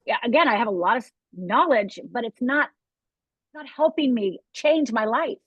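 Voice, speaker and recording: A woman's voice: fairly high pitch, expressive, normal speed, slightly rough, dry recording. A woman life coach from Upper Michigan speaks candidly in an interview, turning to the listener with frequent asides. Her voice arrives thin and tinny, like a phone line, with no room sound around it. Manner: candid, direct storytelling with audience asides. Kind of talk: interview guest telling her story.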